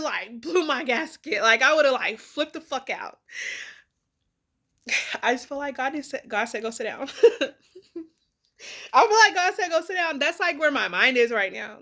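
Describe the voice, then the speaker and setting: A woman's voice: high voice, bright, forceful tone. A woman in a candid, emotional personal vlog, tearful and rambling with many fillers, speaking. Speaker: vlogger.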